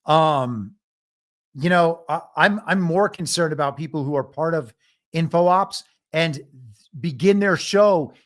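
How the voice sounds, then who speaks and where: A man's voice: on the high side, measured pace. A man hosting a live political commentary show alone, wry and argumentative, often laughing at his own jokes. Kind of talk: live solo commentary stream.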